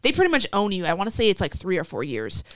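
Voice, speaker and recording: A woman's voice: mid-range voice, huge pitch swings, fast talker, slight background noise. A young adult woman, a guest in a casual interview, tells a story and acts out the voices of the people in it, with many "like" fillers.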